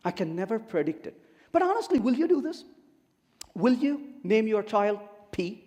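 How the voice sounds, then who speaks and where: A man's voice: high-pitched, moderate pace. A man giving a humorous technical talk at a conference, telling stories and acting out dialogue. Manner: animated storyteller acting out dialogue. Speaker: conference speaker. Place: conference hall. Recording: echoey conference hall.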